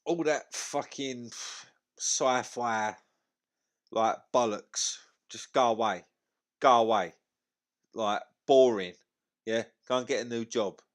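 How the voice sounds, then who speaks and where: A man hosts a live fight watchalong stream, chatting casually, swearing freely and using lots of slang. His voice is medium-pitched, and he speaks slowly with frequent pauses.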